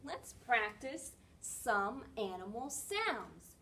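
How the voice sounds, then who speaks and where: A woman leading a library story time for toddlers, reading aloud, singing nursery rhymes and making exaggerated animal sounds in a slow, sing-song way. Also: fairly high pitch, big pitch swings, a bit bright, recorded from a distance. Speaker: children's librarian.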